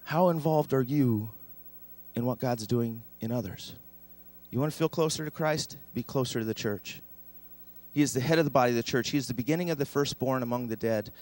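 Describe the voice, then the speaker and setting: A man preaching a sermon as pastor, emphatic and leading the congregation in repeating a verse. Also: medium pitch. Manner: emphatic, leads congregation in call-and-response. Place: church sanctuary.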